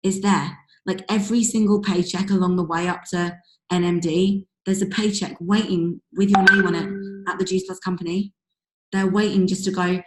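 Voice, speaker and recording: A team leader hosts a group video call, giving a rambling, gushing motivational pep talk full of likes and ums. Her voice is strained and on the low side, with fairly even intonation and normal speed. The call audio has a roomy echo.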